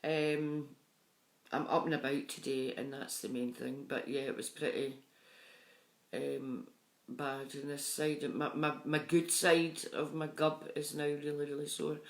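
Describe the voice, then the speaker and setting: A woman's voice: low-pitched, level tone, measured pace. Lady chatting away on her live stream, saying hi to everyone, room echo. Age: middle-aged. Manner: chatty, affectionate, greets viewers by name. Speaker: psychic medium streaming live. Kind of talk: casual live-stream chat greeting viewers. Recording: echoey room sound.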